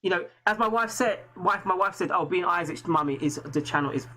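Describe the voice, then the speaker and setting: A man's voice: high-pitched, fairly quick, bright, forceful tone, poor audio. Earnest rambling English man hosting. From England. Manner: earnest, rambling, many restarts. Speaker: host. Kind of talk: casual live-stream chat.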